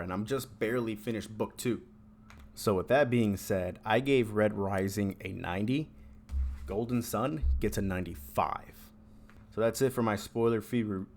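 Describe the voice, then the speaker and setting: A man's voice: lowish voice, a little hiss or hum. A man casually reviewing a book on his channel, rambling with frequent restarts and filler words.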